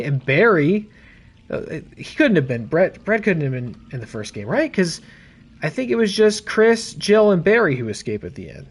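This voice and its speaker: A man streaming a game and chatting casually, cracking jokes as he goes. He reads in-game notes aloud, his slightly high voice swinging widely up and down. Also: big pitch swings, brisk. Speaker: gaming streamer. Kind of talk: casual let's-play commentary.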